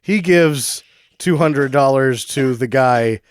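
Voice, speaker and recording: A man co-hosting a casual movie chat, crude and quick to laugh, acting out scenes. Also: mid-range voice. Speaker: podcast co-host.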